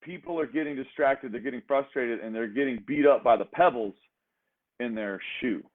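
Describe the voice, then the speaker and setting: A man giving an energetic motivational talk as a fitness coach, speaking in emphatic, repeated exhortations. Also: medium pitch, moderate pace. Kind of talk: motivational speech. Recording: tinny phone-like sound.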